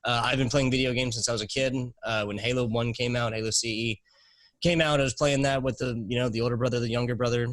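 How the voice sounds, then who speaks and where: A man's voice: medium pitch, fairly even intonation, no echo, rough recording. A young man rattles off answers in a casual interview, full of fillers and restarts. His voice sits in a middling register, and the sound is dry and close. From South Carolina, US. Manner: fast-talking, rambling with fillers and restarts. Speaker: guest, esports commentator.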